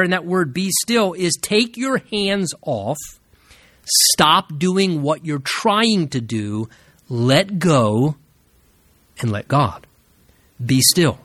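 A man's voice: sharp tone, no echo. Earnest preaching man, dry close sound. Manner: earnest preaching, slows and drops low on key words. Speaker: pastor. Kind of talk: sermon.

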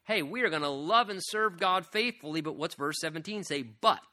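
Lively, bright-voiced male preacher. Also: fairly high pitch, moderate pace. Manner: animated, rises sharply for emphasis; conversational, asks the audience questions. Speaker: pastor. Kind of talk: expository sermon.

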